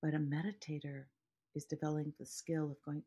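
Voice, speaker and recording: A woman's voice: low voice, flat delivery, fairly quick, warm tone, breathy edge. A woman meditation teacher speaking to podcast listeners in an earnest way, explaining ideas through everyday examples and stories.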